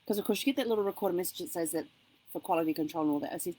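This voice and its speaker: A woman's voice: fairly low pitch, racing, mellow, no room sound, low-quality recording. A middle-aged woman vlogging in casual chat, telling a story with animation and acting out phone calls in other voices. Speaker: vlog host.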